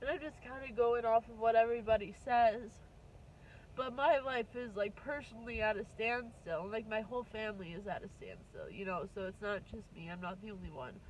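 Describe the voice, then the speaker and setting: A woman in her twenties venting on a vlog, upset and close to tears, rambling and swearing in halting bursts. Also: on the high side, lively intonation, darkish tone, slight background noise, rough recording. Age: 20s. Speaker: vlogger.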